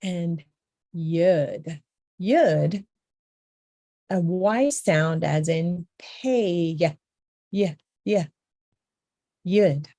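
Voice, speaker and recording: Slow, patient female teacher for a beginner lesson; lowish mellow voice, repeats each sound. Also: dry recording, clean studio sound. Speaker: language teacher.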